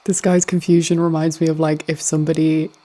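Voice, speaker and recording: A woman's voice: low-pitched, little pitch movement, fairly quick, warm tone. Sardonic laughing woman host. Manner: amused, sardonic, laughs often. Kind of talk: casual comedic commentary.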